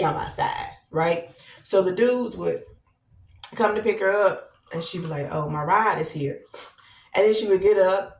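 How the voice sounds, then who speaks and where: A woman in her thirties, a podcast host telling a long personal story in a casual, animated way, repeating herself as she goes. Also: on the low side, gravelly. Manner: animated, conversational, drawn-out repetitions. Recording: roomy echo, distant from mic.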